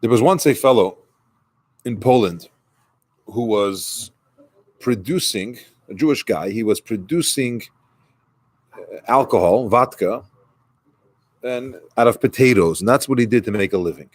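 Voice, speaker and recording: A man's voice: mid-range voice, expressive, a little slow, long pauses, no echo. A man who is a rabbi, giving a conversational sermon and retelling a story with quoted dialogue.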